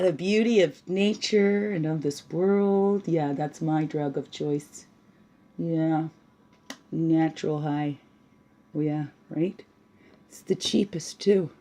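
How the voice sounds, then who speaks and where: A woman giving a casual spiritual talk while reading oracle cards, bubbly and chatty, often tagging on "right?" and slipping into soft, hushed asides. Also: lowish voice, slight background noise. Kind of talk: casual spiritual teaching monologue.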